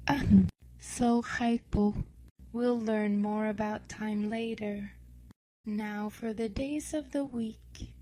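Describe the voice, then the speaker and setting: A woman giving a language lesson, saying each word slowly and repeating it for learners. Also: fairly high pitch, warm tone, dry recording, poor audio. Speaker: French teacher. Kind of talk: slow, deliberate language lesson.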